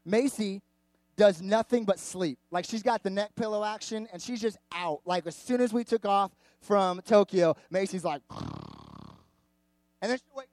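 A high-pitched pastor speaks at a moderate pace in a dry recording. His sermon, given at a church service before a live audience, takes the form of animated, candid, chatty storytelling full of asides and "like."

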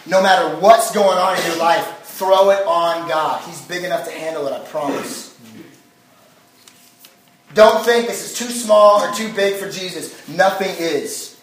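High-voiced young preacher in echoey hall. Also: male voice, measured pace, fairly bright tone, recorded from a distance. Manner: casual, chatty preaching with many fillers. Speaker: pastor. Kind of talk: sermon.

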